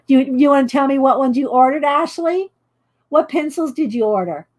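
Middle-aged Texan woman, chatty rambling live-stream artist, pitched a touch high. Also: moderate pace, a little mellow. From Texas. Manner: chatty, rambling, laughs often. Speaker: artist vlogger. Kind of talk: casual live-stream chat while coloring.

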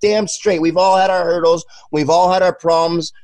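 Male podcast co-host, high voice, loose profane storyteller, dry close mic. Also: steady tone, normal speed, no echo. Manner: loose, profane storytelling with loud put-on bits. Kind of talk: casual chat.

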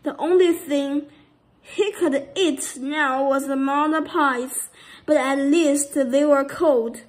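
A woman's voice: high-pitched, fairly even intonation, slow, poor audio. A woman reading a playful children's story aloud, stumbling now and then.

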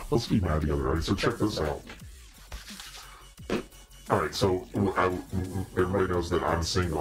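A man in a casual live-stream chat with viewers, playful and mock-preachy, laughing often. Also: extremely low pitch. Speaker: costumed demon-character livestreamer.

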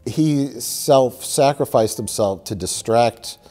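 A man's voice: mid-range voice, slow pace. A middle-aged man in casual film discussion, telling a joke scene with lots of energy and acting bits out. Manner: animated storyteller who acts out scenes. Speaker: co-host reviewing films.

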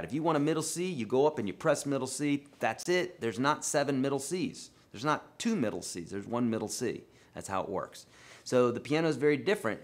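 Chatty male guitar teacher. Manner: chatty, rambling, animated with sudden high outbursts. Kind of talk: live online guitar lesson. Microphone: livestream microphone.

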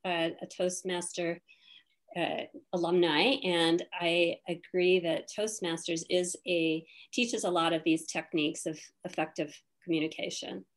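A woman with a somewhat low voice takes part in an online workshop over a video call. She speaks hesitantly and restarts her sentences as she passes on a comment from the chat. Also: steady tone, a little slow. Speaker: participant reading chat. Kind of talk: brief remark on a video call.

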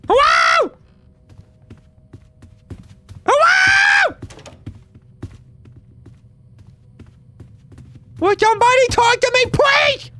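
A man's voice: pushed and bright, heavily acted. A man putting on the voice of a lonely, needy eight-year-old boy, trolling strangers over voice chat. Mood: whiny. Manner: high childish pleading, needy and pestering.

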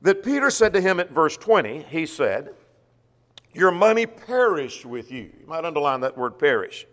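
A man's voice: on the high side, big pitch swings, moderate pace, fairly bright tone, in a large hall. A man preaching a sermon who reads scripture aloud and poses rhetorical questions to the congregation. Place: church auditorium.

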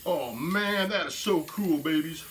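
Laid-back male painter with a fairly high voice, all slang and "babies", muttering quietly as he works in his studio. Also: unhurried, slight background noise. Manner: mutters quietly while working. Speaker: abstract painter. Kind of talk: casual painting demonstration.

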